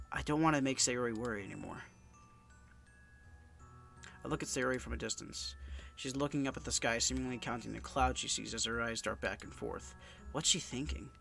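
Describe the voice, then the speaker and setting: Young man, stuffy nose, bright forceful voice, subdued game narration, occasional stumbles. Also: mid-range voice, creaky. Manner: subdued, somber reading with stumbles. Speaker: let's-play narrator. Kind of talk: reading a visual novel game aloud.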